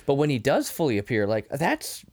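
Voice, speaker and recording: A man's voice: mid-range voice, normal speed. Guy co-hosting a movie chat, voice jumps all over, laughs a lot, acts out lines. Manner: animated, laughs often, acts out movie quotes. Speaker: podcast co-host. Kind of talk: casual movie review chat.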